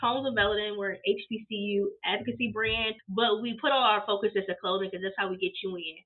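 A woman talking quickly in a relaxed interview, telling a story with lively quoted dialogue. Her voice comes through a thin, phone-like line. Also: medium pitch. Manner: animated, acts out quoted dialogue. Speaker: guest, apparel business owner.

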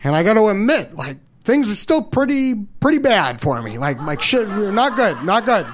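A man telling a personal story, halting and stammering, openly emotional and self-deprecating. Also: high-pitched, sing-song. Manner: halting, stammers and repeats words. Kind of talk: personal story told live.

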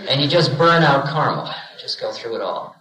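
A man's voice: mid-range voice, lively intonation, normal speed, heavy background noise. A man in his forties giving a playful spiritual lecture, telling stories and acting out little voices. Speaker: spiritual teacher. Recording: roomy 1970s lecture recording.

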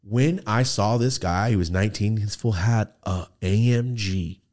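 A man hosting a studio podcast, telling animated stories and acting out the people in them. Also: on the low side, a little slow. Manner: animated storyteller, acts out quoted people, swears freely. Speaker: podcast host. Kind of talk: casual storytelling chat.

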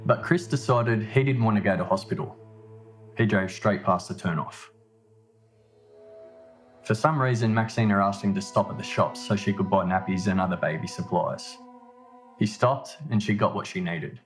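A man reading a scripted narration in a measured, matter-of-fact way. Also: fairly low pitch, soft background music. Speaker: podcast narrator.

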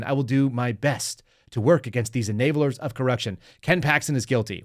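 A man's voice: mid-range voice, fairly quick, few pauses. A man hosting a political commentary podcast, reading news aloud and reacting with sarcastic, mocking remarks aimed straight at his listeners. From Texas. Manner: talks to the audience directly, reads news aloud. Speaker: podcast host.

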